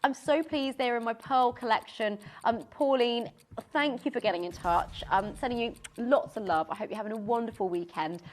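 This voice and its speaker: A woman presenting on a live shopping channel, gushing and excitable, chatting with many restarts. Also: on the high side, moderate pace. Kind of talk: live TV sales pitch.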